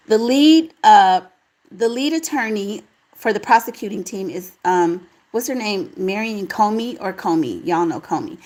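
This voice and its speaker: A woman hosting a casual live chat, reading out viewer comments and answering them in a relaxed, talkative way. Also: mid-range voice, rough recording. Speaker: livestream host reading chat.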